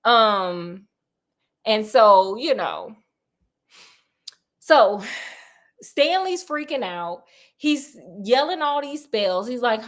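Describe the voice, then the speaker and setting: A woman retells a spooky novel in a loose, joking way, slipping in slang and asides to her listener. Her voice sits a little high for a woman, and she talks like she is chatting with a friend. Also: expressive, slow pace. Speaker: storyteller. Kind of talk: casual retelling of a horror novel.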